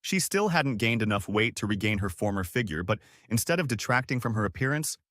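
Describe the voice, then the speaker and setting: Man, low voice, steady first-person narrator, dry booth. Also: brisk, dry recording. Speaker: audiobook narrator.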